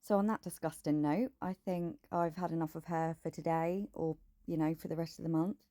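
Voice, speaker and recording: A woman's voice: low voice, fairly even intonation, fairly quick, warm tone, no echo. A woman hosting a commentary channel, talking over clips in a dry, scornful way.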